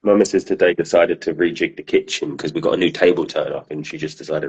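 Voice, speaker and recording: A man's voice: rumbling low, fairly even intonation, fast talker, a little mellow, breathy edge, rough recording. A man from southern England chatting casually as a podcast co-host, telling laughing stories and swearing freely. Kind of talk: casual chat.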